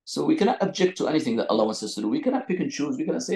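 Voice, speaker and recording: A man teaching an online Quran lesson over a video call from his phone, explaining with lots of repetition and quick restarts. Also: fairly high pitch, very animated, creaky, darkish tone, roomy sound, rough recording. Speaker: Islamic teacher.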